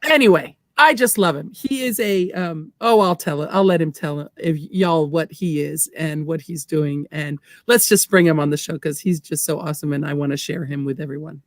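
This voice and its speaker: A woman's voice: sits low, normal speed, few pauses, dry recording, studio quality. A woman co-hosting a casual interview, bubbly and gushing, often stumbling and restarting her sentences. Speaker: co-host.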